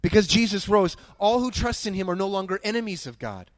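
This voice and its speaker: A man's voice: high voice, lively intonation, a little fast, no room sound. A man preaching a sermon as pastor, earnest and emphatic, who repeats key phrases.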